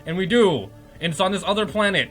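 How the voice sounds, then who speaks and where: A man's voice: high voice, lively intonation, fast talker, fairly bright tone, faint music behind. A man hosting a podcast, giving a comedic, profane recap of a game plot and laughing often. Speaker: podcast host.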